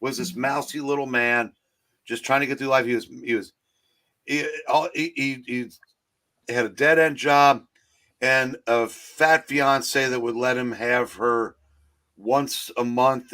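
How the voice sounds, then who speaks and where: A man co-hosting a casual movie talk stream, rambling and halting with many restarts, talking into a streaming call mic. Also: mid-range voice, steady tone, pushed and bright. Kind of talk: casual chat.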